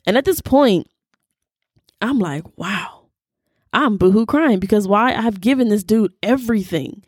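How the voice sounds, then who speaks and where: A woman's voice: medium pitch, a little slow, slightly rough, dry recording, clean studio sound. A young woman teaching the Bible in a conversational, preachy way, using casual slang. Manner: animated and preachy, with Southern "y'all" slang. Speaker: host of a Bible teaching podcast.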